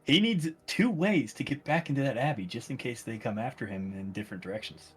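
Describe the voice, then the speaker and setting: A man's voice: medium pitch, lively intonation, fairly quick, a bit bright, slightly rough. A man playing in a tabletop game, casually narrating what his character does. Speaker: player.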